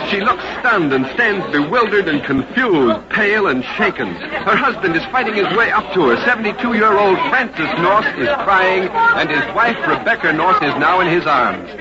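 A live courtroom radio reporter over crowd. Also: male voice, sits high, moderate pace. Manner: steady, vivid live narration. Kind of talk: 1950s radio drama narration. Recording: dull old radio broadcast over crowd noise.

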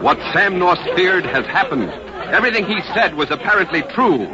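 A live courtroom radio reporter over crowd. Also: male voice, high voice, normal speed. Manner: steady, vivid live narration. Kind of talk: 1950s radio drama narration. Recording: dull old radio broadcast over crowd noise.

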